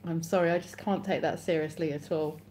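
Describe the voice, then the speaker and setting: A woman's voice: low-pitched, steady tone, fairly quick, a little mellow, slight background noise. An English woman hosting a casual live stream, chatting and reading viewer comments aloud with frequent laughs. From England.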